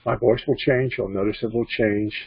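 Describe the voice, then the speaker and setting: A man teaching as a spiritual medium, halting and repeating himself, on a dull, dry computer recording. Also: fairly low pitch, steady tone, gravelly, breathy edge, no echo. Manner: halting, repeats and restarts phrases. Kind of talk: teaching talk. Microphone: computer mic.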